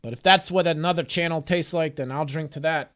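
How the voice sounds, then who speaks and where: High-voiced man, profane and rambling. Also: steady tone, fairly quick, fairly bright tone. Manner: profane, joking, loose and chatty. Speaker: spiritual vlogger. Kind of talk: casual rambling vlog with card reading. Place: hot room at home with his cat.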